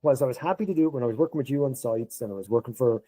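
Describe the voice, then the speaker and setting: A man's voice: mid-range voice, very fast, poor audio. A middle-aged Irish man, a podcast guest, telling an anecdote and acting out the lines of the people in it. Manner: animated storyteller acting out quoted dialogue. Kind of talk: anecdotal interview storytelling.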